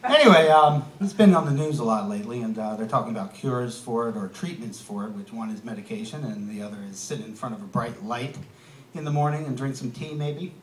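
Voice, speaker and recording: A man's voice: mid-range voice, brisk, echoey room, slight background noise. A man doing a stand-up comedy set, punchy and wry, throwing asides to the crowd. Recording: live club room, mic heard from a distance. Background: audience laughter.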